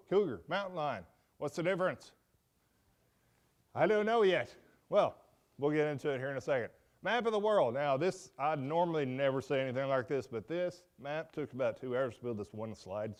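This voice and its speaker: A man teaching a Sunday school class in an informal, animated way, acting out quotes with folksy asides. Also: a little high.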